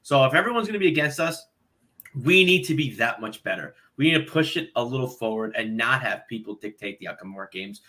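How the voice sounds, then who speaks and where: A man with a bright, forceful voice talks football casually on a panel. He is blunt and fired-up, and he swears freely. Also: medium pitch, expressive, a little fast. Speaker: podcast panelist.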